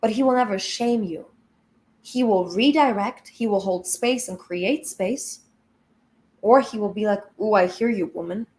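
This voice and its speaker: A woman's voice: mid-range voice, a little slow, a little mellow. A woman spiritual coach giving an emphatic, blunt motivational talk with casual swearing.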